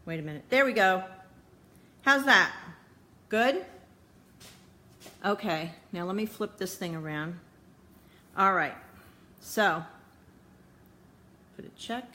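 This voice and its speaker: Captured on a phone or tablet camera mic, this cooking show host speaks slowly in a mid-range voice with a sharp tone, pausing often. She's streaming live from her home kitchen, flustered and muttering to herself as she fights with her camera and frets aloud to viewers.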